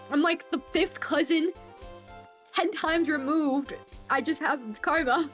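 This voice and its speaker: A woman's voice: steady tone, slow pace, fairly bright tone. A young woman chatting casually and playfully while streaming a game, laughing often. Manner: playful, laughs often, bursts into high squeals. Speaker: VTuber streamer. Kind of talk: casual game livestream commentary. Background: faint background music.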